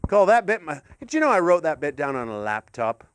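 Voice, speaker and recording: Excitable sweary man doing stand-up. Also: a little high, a little fast, smooth. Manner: excitable and sweary, with sudden yelps. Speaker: stand-up comedian. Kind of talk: rambling stand-up set.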